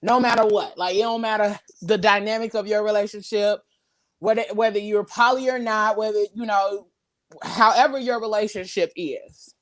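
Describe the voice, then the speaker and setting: A woman's voice: mid-range voice, fairly even intonation, moderate pace, no echo. A woman hosting a podcast in casual livestream chat, slangy and candid, laughing often as she reads comments. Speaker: podcast host.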